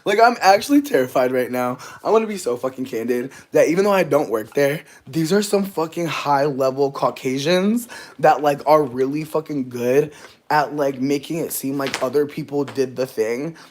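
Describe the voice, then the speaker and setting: A man's voice: mid-range voice, normal speed, darkish tone. A man telling an emotional storytime to his viewers, profane and rambling, full of fillers. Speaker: vlogger. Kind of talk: candid storytime rant.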